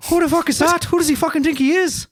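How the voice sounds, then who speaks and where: A loud, brash talking mongoose with a thick put-on Irish brogue, as a man puts it on, blustering and ready to pick a fight. The voice jumps far above the speaker's own pitch and sounds a little off-mic. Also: animated, normal speed. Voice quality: gruff, blustering, aggressive.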